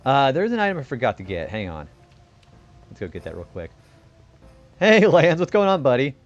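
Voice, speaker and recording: Young male game streamer, chatty, lively pitch, faint music behind. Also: normal speed, lo-fi sound. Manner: chatty and laid-back, greets viewers, laughs often. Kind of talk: casual live-stream commentary.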